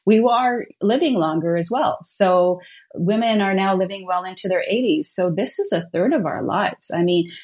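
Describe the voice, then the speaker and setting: A woman's voice: mid-range voice, normal speed, darkish tone. A middle-aged woman as an interview guest, talking in an upbeat, encouraging way. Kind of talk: casual interview chat.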